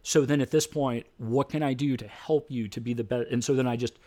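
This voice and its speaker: Animated middle-aged man telling stories. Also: mid-range voice, a little fast. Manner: animated storyteller, acts out voices. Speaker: speech and debate coach. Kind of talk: storytelling interview.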